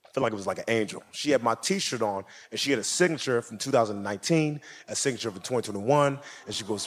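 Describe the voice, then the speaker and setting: A man's voice: lowish voice, fast. A man doing stand-up, telling a story and acting out the people in it with lots of energy. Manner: animated, acting out characters in the story. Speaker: stand-up comedian. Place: comedy stage before a live audience. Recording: live club set with audience noise. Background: audience laughter and ambience.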